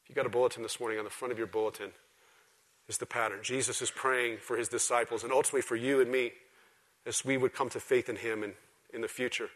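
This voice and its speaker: Man, pastor, sermon, emphatic preaching, loud-to-quiet swings, church congregation. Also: medium pitch, steady tone, fast talker. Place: church service before a congregation.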